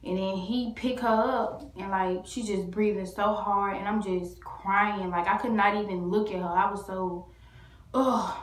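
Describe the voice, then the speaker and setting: Female vlogger, rambling casual storyteller, mid-pitched voice, echoey room. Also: steady tone, unhurried. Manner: rambling, full of "like" and restarts.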